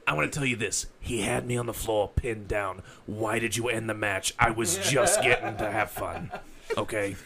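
A man voicing a campy male wrestler with a raspy smoker's voice, drawling bitchy trash talk. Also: lowish voice, normal speed, crowd noise, close to an everyday voice. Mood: indignant.

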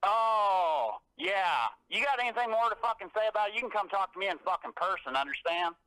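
Brief: high-pitched aggressive man phoning in to threaten the host, quick and profane. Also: expressive, sharp tone, clear, resonant tone, no room sound, low-quality recording. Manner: aggressive, threatening, heavy cursing. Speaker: angry caller. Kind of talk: profane phone rant.

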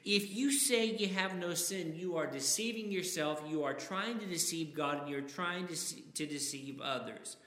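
A man's voice: high voice, normal speed, hardly any pauses, fairly bright tone. A man preaching a sermon, reading scripture aloud with dramatic emphasis. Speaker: pastor. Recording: echoey hall with long reverb.

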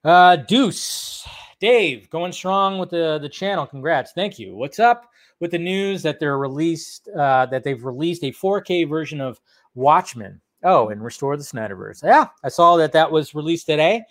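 A man hosts a casual film news livestream, taking questions from the live chat one after another. His voice sits a little higher than most men's. He talks in a loose, rambling way and swears freely. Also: lively intonation, unhurried. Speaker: film news channel host.

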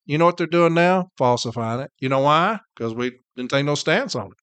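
A tired, irritated man with a drawl rants on his podcast, blunt and profane, pounding each point again and again. His voice sits fairly high for a man. The recording is close and dry, with no room sound. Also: lively intonation, a little fast, few pauses, fairly bright tone, clear, resonant tone, no room sound. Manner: blunt, heated, profane, repeats points for emphasis. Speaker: podcast host and union representative. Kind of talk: casual profane rant.

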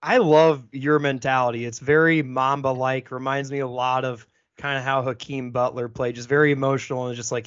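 A former football player hosts a casual interview podcast, asking long, eager, rambling questions. His medium-pitched voice is flat and fairly quick with few pauses, and the sound is dull and lo-fi.

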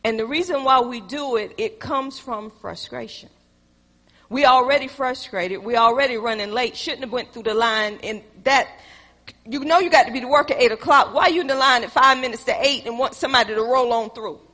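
A woman's voice: on the high side, a little fast. Woman preaching in a reverberant church. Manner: folksy, conversational, dramatic shifts to hushed pleading. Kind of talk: sermon with acted-out skits. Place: church sanctuary. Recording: long hall reverb.

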